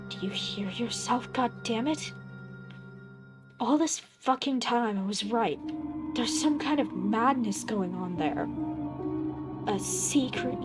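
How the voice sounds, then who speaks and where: A tired, hostile man who snaps and swears at an intruder, voiced by a woman. She keeps it slow and fairly low for her. Loud game music sits behind. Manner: curt, agitated, swearing. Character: paranoid, angry lone man, tired and hostile.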